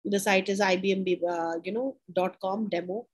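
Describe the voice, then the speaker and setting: A woman teaching an informal lesson, explaining in short repeated phrases, checking in with "right?" and pausing on "uh". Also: medium pitch, steady tone, low-quality recording. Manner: pauses with frequent "uh". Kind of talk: informal lecture.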